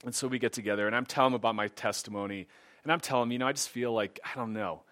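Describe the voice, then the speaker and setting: A man's voice: mid-range voice, racing, fairly bright tone. A middle-aged man telling a personal faith testimony in a casual, earnest way, livening up when he quotes other people.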